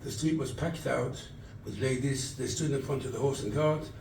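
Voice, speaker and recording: A rabbi from England giving a sermon at a charity event, telling stories and acting out the dialogue. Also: male voice, medium pitch, normal speed, gravelly, a little mellow, a little hiss or hum. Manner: storytelling, quotes scripture and acts out dialogue. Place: event hall. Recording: echoey room, distant mic.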